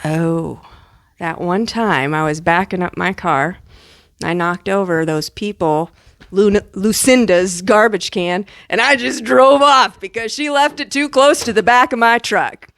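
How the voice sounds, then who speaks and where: A woman giving a casual, animated spiritual teaching to her students, with chatty, playful asides. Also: mid-range voice, unhurried, dry recording, studio quality.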